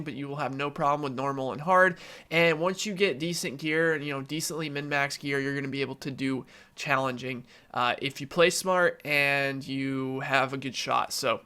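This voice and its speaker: A man's voice: on the high side, bright, forceful tone. A young man with a nasal, allergy-stuffed voice, chatting casually over his own gameplay, full of fillers and reassuring his viewers. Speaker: gaming YouTuber.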